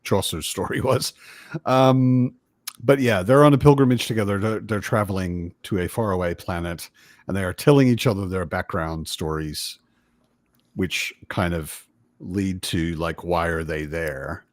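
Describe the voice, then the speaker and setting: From his home in Berlin, a man with a lowish voice hosts a relaxed book chat on a livestream, speaking a little slowly. He's chatty and rambling, correcting himself easily as he goes. The recording is dry and close, like a video call.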